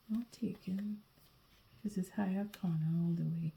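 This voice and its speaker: A woman giving a whispered tarot reading late at night, sleepy and yawning, talking in a soft, halting whisper with frequent restarts. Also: medium pitch, gravelly, poor audio. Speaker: tarot reader.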